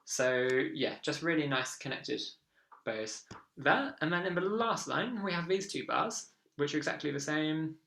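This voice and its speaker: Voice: mid-range voice, expressive, unhurried, gravelly, fairly bright tone. A viola teacher giving an online lesson, encouraging and counting beats aloud. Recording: echoey room with viola playing.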